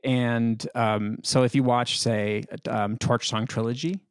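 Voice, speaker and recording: A man's voice: medium pitch, fairly even intonation, slow, smooth, dry recording, studio quality. A man talking as a podcast guest in a casual film discussion, enthusiastic and chatty, laughing often.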